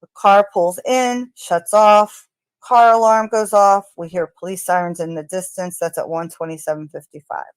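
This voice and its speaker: A woman's voice: medium pitch, fairly even intonation, moderate pace, clear, resonant tone, dry recording. A woman narrating her analysis of crime-scene audio, speaking tentatively with fillers and speculation. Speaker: true crime commentator.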